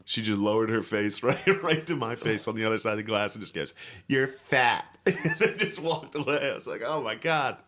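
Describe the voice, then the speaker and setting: Lower-voiced man telling crude stories. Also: lively intonation, brisk, few pauses, a bit bright. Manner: dry, crude storytelling with laughs. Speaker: podcast co-host. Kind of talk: casual comedy podcast chat.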